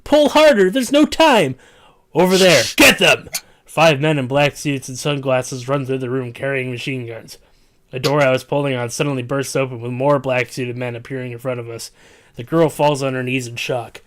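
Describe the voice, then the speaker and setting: A man's voice: mid-range voice, level tone, moderate pace. A man reading a comedic story aloud in a dramatic, stumbling way. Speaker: reader.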